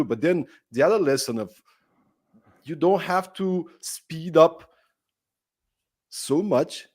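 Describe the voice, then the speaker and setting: A man's voice: a little high, darkish tone. A man hosting a podcast interview, friendly and conversational, often tagging sentences with "right?" and "like". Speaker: podcast host. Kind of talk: casual interview.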